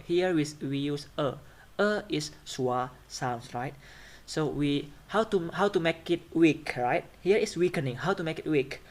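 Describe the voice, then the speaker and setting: A man's voice: a little high, a little slow. A man lecturing on phonetics, listing example words and often checking in with the class. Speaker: phonetics teacher.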